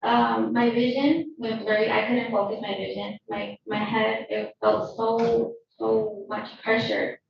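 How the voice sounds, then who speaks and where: A woman giving shaken, halting testimony as a witness in a courtroom. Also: on the high side, little pitch movement, gravelly, noisy background. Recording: echoey, distant, dull courtroom audio.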